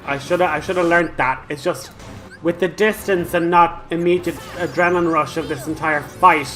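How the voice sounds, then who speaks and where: A man narrating a game walkthrough, chatty and excitable, flaring up as he relives a frustrating boss fight. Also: on the high side, moderate pace, soft background music, rough recording. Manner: chatty with frequent fillers and restarts. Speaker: gaming channel host.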